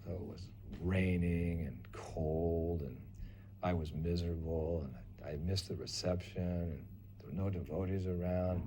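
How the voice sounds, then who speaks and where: An older man recounting a personal memory as a lively storyteller who acts out other people's lines. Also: deep voice, unhurried, a little hiss or hum. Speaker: devotee recalling memories.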